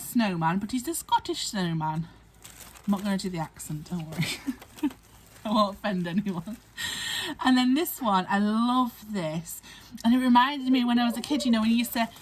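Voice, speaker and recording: A young woman chatting excitedly as she unboxes craft supplies at home. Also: medium pitch, a little hiss or hum, poor audio. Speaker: crafting vlogger. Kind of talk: casual unboxing chat.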